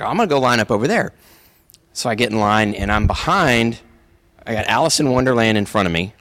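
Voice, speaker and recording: Low-voiced man telling a con story. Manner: animated, acts out quotes. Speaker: convention attendee. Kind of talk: casual storytelling.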